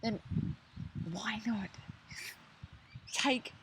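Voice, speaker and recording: A woman talking casually and warmly to camera, gushing and excitable, jumping from hushed whispers to high squeals. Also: very slow, noisy background. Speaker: spiritual vlogger. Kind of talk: casual heartfelt monologue to camera.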